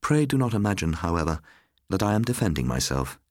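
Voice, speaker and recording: A cold, weary middle-aged father talks in a deep, measured and formal tone, his pitch still lively. A man voices him while reading the story aloud. The recording is dry and close. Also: no echo.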